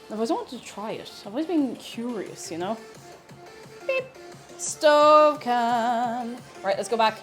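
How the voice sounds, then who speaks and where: Slightly high-voiced woman cooking on stream, chatty and silly, faint music behind. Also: sing-song, unhurried, pauses often. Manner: chatty, playful, talks to chat while cooking. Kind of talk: casual cooking stream chat.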